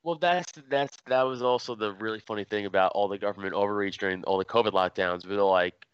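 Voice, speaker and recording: A man hosting a podcast in casual chat, telling stories in an animated, profane way. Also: on the low side, fast, clear, resonant tone, no room sound, muffled recording. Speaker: podcast host.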